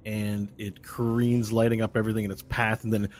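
Low-voiced man narrating as game master. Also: level tone. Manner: vivid, halting narration with shouted monster cries.

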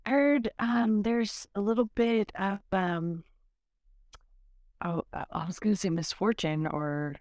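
A woman's voice: mid-range voice, slow pace, a little mellow, no room sound, clean studio sound. Woman co-host, short supportive replies. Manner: brief supportive interjections. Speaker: podcast co-host. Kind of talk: casual chat.

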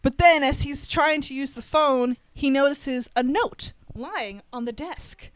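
A woman's voice: sits high, measured pace, hardly any pauses, no room sound. Chatty woman recapping a movie. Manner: chatty, animated storytelling with many "like" fillers and laughs. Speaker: podcast co-host recapping a film. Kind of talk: casual chat.

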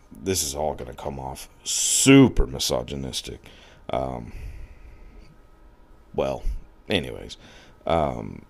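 Brief: very low-pitched man, rambling, crude, filler-heavy casual commentary. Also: gravelly, darkish tone.

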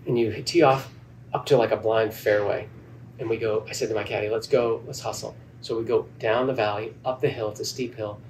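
A man telling a golf story from afar. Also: lowish voice. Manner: animated, acts out quoted dialogue. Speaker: golf club head pro. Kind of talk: storytelling in a podcast interview. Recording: distant mic with faint background noise.

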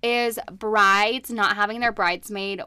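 A woman's voice: medium pitch, fairly even intonation, measured pace, pushed and bright, clean tone, no room sound, clean studio sound. A young woman co-hosting a podcast, chatting casually and enthusiastically. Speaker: podcast co-host. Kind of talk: casual chat.

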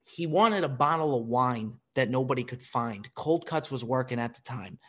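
A man hosting a podcast, telling anecdotes in a lively, profane way and acting out the people in them. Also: mid-range voice, moderate pace. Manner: animated, profane, acts out quotes. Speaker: podcast host. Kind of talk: casual storytelling.

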